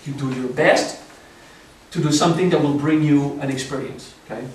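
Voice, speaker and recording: A man's voice: medium pitch, normal speed, darkish tone. Man lecturing in a very echoey room. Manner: explanatory, often checks in with the audience. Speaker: spiritual teacher. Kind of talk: seminar lecture. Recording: very echoey room, distant mic, faint hiss.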